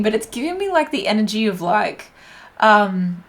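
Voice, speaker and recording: A young woman talks through a tarot reading in a loose, chatty way, laughing easily and leaning on fillers as she thinks aloud. Her pitch sits in a middling range for a woman. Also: big pitch swings, normal speed. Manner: chatty, giggly, lots of fillers. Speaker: tarot reader.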